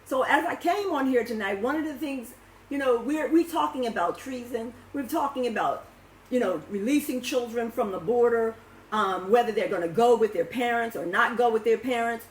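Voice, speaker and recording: A woman's voice: fairly high pitch, normal speed, slight background noise. A woman speaking live to her followers in an impassioned, emphatic way, often stumbling and repeating words as she talks to her own camera. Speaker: social media commentator. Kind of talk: live video talk to followers. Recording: roomy echo.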